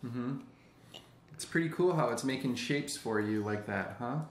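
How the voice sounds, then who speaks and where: A man's voice: mid-range voice, lively intonation, normal speed, reverberant, slight background noise. A man chatting patiently and encouragingly with his young daughter while they draw together at home. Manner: patient, gentle and encouraging, often soft-spoken. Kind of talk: casual chat with a small child. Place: home computer room.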